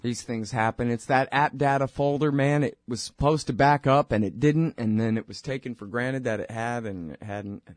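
A man's voice: mid-range voice, normal speed, few pauses, no echo, clean studio sound. A man hosting his own radio show, rambling informally and wryly between plugs. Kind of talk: casual monologue with plugs.

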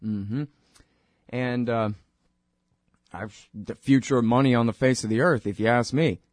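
Rambling, wry radio host. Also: male voice, mid-range voice, measured pace, a little mellow, dry recording. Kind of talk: casual monologue with plugs.

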